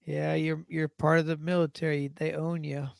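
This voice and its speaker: A man hosting a podcast with a heavily gravelly, creaky voice pitched a bit high, recorded dry and close. He speaks slowly and casually, mostly giving short reactions and easy questions. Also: level tone, dry recording. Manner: laid-back, brief reactions and questions. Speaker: podcast host. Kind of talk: casual interview chat.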